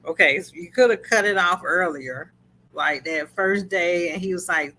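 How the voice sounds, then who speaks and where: A woman's voice: deep voice, normal speed, bright, forceful tone, slight background noise, rough recording. A woman co-hosting a casual review chat. She tells the story animatedly, acts out what people said, and laughs often. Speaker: podcast co-host.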